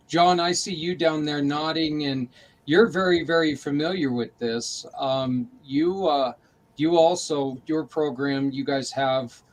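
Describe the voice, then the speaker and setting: A man's voice: fairly high pitch, poor audio. A man hosting a panel talk, affirming the speakers and passing questions along. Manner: affirming, moderating. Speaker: host.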